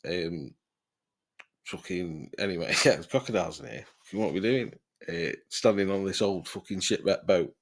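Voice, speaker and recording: A man's voice: deep voice, normal speed. A man telling a rambling, sweary story in casual podcast chat, often breaking into laughter. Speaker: podcast host.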